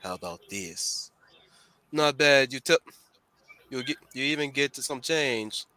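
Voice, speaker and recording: A gruff male bartender in a ruined city, with a put-on Jamaican accent, as a man reads him aloud from a comic. He mutters low and gruff. His voice has a bright, forceful edge. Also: lively intonation, takes it slowly. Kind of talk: reading comic dialogue aloud.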